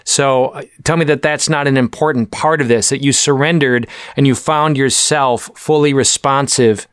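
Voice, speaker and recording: A man's voice: medium pitch, steady tone, normal speed, a bit bright, smooth, no echo, clean studio sound. A man hosting an interview, speaking in an affirming, encouraging way. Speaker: podcast host.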